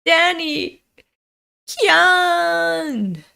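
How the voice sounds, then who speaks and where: A woman's voice: fairly high pitch, slow, a little mellow. Panicked servant, stammering and alarmed, put on by a woman reading aloud.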